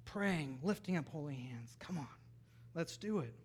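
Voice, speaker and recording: Lively preaching man, high voice. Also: a little slow, breathy edge. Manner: animated, rises to near-shouting bursts and drops to soft asides. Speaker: pastor. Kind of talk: sermon.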